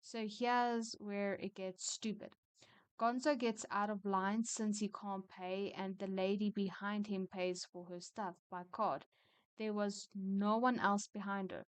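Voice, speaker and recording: Woman storyteller, smooth clear tone, dry close sound, chatty and quick to vent. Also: medium pitch, flat delivery, no echo. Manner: opinionated, chatty, quick to rant. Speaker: storyteller reading retail stories. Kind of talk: casual story reading with commentary.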